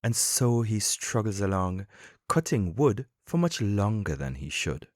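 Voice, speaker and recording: Deep-voiced man teaching, lively intonation. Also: unhurried, no echo, studio quality. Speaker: podcast host and English coach. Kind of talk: scripted podcast lesson.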